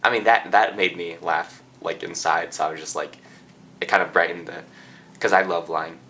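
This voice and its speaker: A man's voice: sits low, fairly even intonation, moderate pace, a little hiss or hum. A teenage man from Japan telling a personal story in a rambling, casual way indoors, full of fillers and restarts. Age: teens. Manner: rambling, lots of filler and restarts, soft-spoken. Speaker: vlogger.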